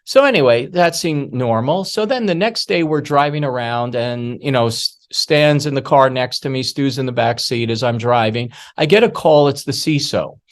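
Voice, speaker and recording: A man's voice: medium pitch, moderate pace, hardly any pauses. A man giving a masterclass on security awareness, telling anecdotes in an emphatic way with frequent asides. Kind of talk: masterclass storytelling lecture.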